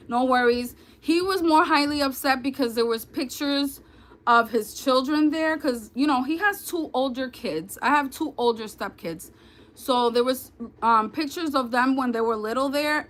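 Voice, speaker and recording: Casting: New York woman in her thirties, high bright voice, chatty livestream host. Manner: chatty, storytelling, addresses viewers as y'all. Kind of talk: casual livestream chat.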